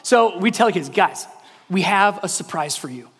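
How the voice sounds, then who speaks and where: A man with a strikingly high voice tells a sermon story from the pulpit, his words trailing into a long, echoing reverb. He shifts into loud, squealing voices to act out his children. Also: normal speed, gravelly, breathy edge. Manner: animated, acts out kids' voices in high shouts. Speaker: pastor.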